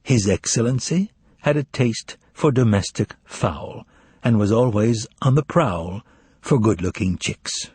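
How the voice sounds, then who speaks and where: A man narrating an audiobook in an expressive way, voicing each character. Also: on the low side, a little slow, husky, dry recording. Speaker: audiobook reader.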